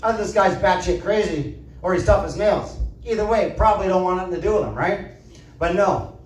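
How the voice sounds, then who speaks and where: A man performing a stand-up comedy set in a club, telling deadpan stories and tagging lines with "right?". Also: high-pitched, a little fast, distant mic. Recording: echoey club audio from afar.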